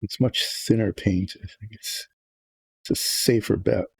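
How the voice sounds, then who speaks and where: Speaking a little slowly, an older miniature painter describes painting his model. His low, gravelly voice stays relaxed and rambling as he muses aloud, goes off on tangents, and restarts what he was saying.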